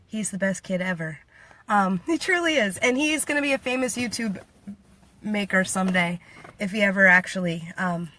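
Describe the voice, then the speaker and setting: A woman's voice: medium pitch, a bit bright. An American woman vlogging casually, reading viewer comments in a playful, giggly way and laughing often. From United States.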